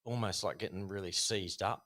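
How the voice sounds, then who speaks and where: A man, a guest telling a casual, animated story about his boxing past with many fillers. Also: low-pitched, brisk. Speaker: podcast guest, former Thai boxer.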